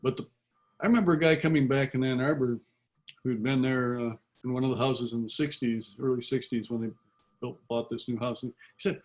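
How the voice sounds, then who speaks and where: An older man, an author, answering in an interview over a video call, earnest and halting, often repeating words. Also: mid-range voice, fairly even intonation, darkish tone.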